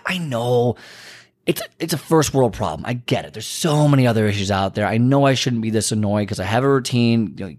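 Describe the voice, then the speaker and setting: A man hosting a solo podcast, rambling and venting before turning motivational. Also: mid-range voice. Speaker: podcast host. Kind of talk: casual solo podcast monologue.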